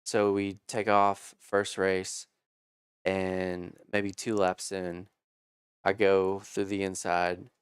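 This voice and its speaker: Man, 30s, low smooth voice, dry close sound; casual storyteller who curses and acts out quotes. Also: takes it slowly, dry recording. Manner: animated, swears freely, acts out quotes. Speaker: podcast guest telling racing stories.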